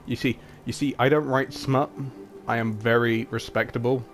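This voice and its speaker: A man's voice: mid-range voice, steady tone, moderate pace, faint music behind. A young man reading his own comedic fan fiction aloud, with crude, swearing, self-mocking asides. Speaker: fan-fiction writer and reader.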